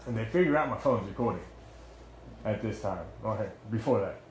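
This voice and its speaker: A man's voice: fairly low pitch, lively intonation, brisk, echoey room, a little hiss or hum. A young man, a former Marine, telling the story of his own arrest in a heated, blunt way, with swearing and many restarts. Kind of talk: heated first-person account.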